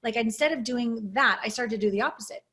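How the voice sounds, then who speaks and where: A woman coach answering interview questions over a video call. Her voice sits a little high, and her delivery is earnest, reflective and openly emotional. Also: quick pace, fairly bright tone. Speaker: intimacy coach, guest. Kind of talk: interview storytelling.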